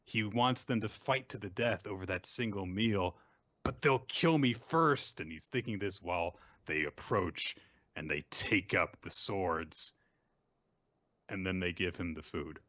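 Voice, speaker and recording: A man's voice: deep voice, bright, forceful tone, dry recording, highs cut off. A man hosting a podcast who casually recaps comic chapters and mimics the characters' lines as he retells scenes. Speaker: podcast host.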